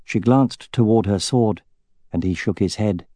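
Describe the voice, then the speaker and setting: This audiobook is read by a man with a lowish voice, steady and measured throughout. The studio sound is clean, with no echo.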